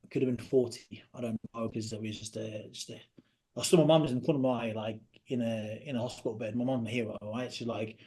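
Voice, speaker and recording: Man in his 30s as podcast guest, earnest personal story, halting delivery, often drops quiet, mid-pitched voice. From Britain.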